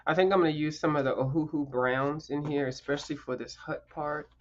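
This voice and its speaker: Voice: mid-range voice, fairly even intonation, a little fast, lo-fi sound. A coloring livestream host in a casual show-and-tell chat, rambling and chatty, with emphatic asides to viewers.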